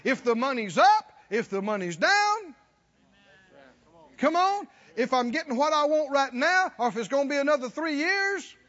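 A man's voice: very high voice, lively intonation, normal speed, sharp tone, long reverb tail, muffled recording. A man preaching a sermon, emphatic and exhorting, firing rhetorical questions at the congregation.

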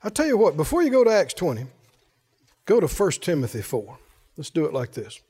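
A male pastor preaching a sermon in an emphatic call-and-response style, shouting some refrains. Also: fairly high pitch, wildly swooping pitch, a little fast, slightly rough.

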